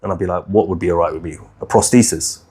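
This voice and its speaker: A man's voice: low-pitched, fast talker, mellow, husky. A man, telling his own story on a podcast in a frank, rambling way, swearing freely and restarting often. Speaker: podcast co-host. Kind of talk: candid personal storytelling.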